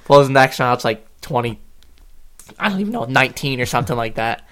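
A young man casually telling a story to his co-hosts, acting out quotes with lively jumps in voice and frequent laughs. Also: mid-range voice, fairly quick, clean tone. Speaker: podcast co-host.

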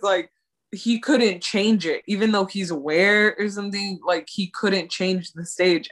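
Animated young woman co-host. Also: medium pitch. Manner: animated, laughs between thoughts, swears. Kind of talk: casual chat.

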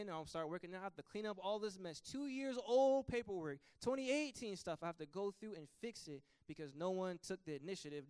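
Impassioned preacher man, high and clear. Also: no echo, studio quality. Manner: impassioned, swelling to loud emphatic peaks. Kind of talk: sermon.

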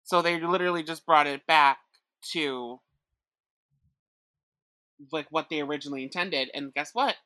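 A woman's voice: sits low, normal speed, long pauses, sharp tone, no echo, clean studio sound. A woman co-hosting a podcast, talking enthusiastically about a TV show with rambling "like" fillers. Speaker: podcast co-host. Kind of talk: casual TV discussion.

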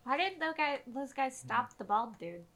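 A woman playing a tabletop game who asks quick questions in casual chat. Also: high voice, animated, fairly bright tone. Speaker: player.

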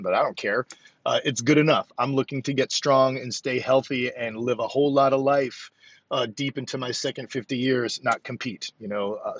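A man in his fifties talking casually about strength training while driving to work, fast and rambling, highly caffeinated. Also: a bit bright, no room sound, lo-fi sound. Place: car on the way to work.

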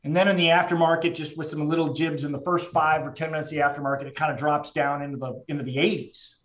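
A man's voice: on the high side, fairly even intonation, fast, fairly bright tone. Frank middle-aged man, roomy, dull sound. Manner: frank and heartfelt, plain-spoken with casual restarts. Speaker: trader speaking as a guest. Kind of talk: candid personal storytelling in a conversation.

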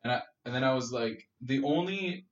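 A Canadian man chatting on a podcast, laughing along and trying out quick impressions. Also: mid-range voice, expressive. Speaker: podcast co-host. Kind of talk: casual chat. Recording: roomy and dull-sounding.

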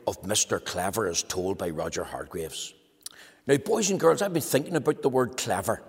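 Male preacher, children's address; animated, slightly husky, reverberant hall. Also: normal speed. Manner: animated storytelling, lively pitch.

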